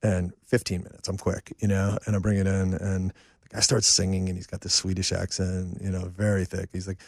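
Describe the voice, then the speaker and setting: A man who writes and produces songs, telling a rambling, lively story as a guest in a casual chat at home, full of fillers and asides. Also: low voice, a little fast, creaky, no room sound, studio quality. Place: a home, indoors.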